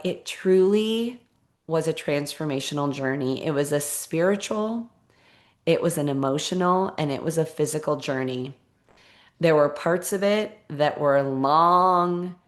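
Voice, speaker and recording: A middle-aged woman podcast host telling a personal story in an earnest, encouraging way, stressing points by repeating them. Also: low voice. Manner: earnest, encouraging, emphatic with repetition.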